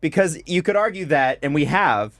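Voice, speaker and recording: A man in casual sports debate with a lively, up-and-down voice, recorded close and dry. He cracks wry jokes and laughs a lot. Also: on the high side, moderate pace, dry recording. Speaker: podcast co-host.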